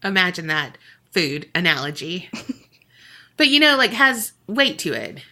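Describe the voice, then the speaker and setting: Slow, bright-voiced woman storyteller. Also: lowish voice, sing-song. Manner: casual, profane, laughs often. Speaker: podcast co-host. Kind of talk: casual storytelling chat.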